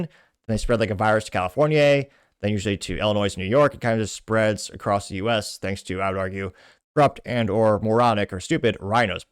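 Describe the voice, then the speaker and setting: Fast-talking man hosting commentary. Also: lowish voice, smooth, dry recording, clean studio sound. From Texas. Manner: quick, opinionated, frequent restarts. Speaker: host. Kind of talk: political commentary reading social media posts.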